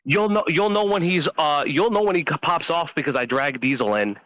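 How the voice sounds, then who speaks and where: A man's voice: a little high, brisk, fairly bright tone, dry recording, poor audio. A man on a call, telling a story in a rambling, profane, stop-start way. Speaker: caller. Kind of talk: casual phone call.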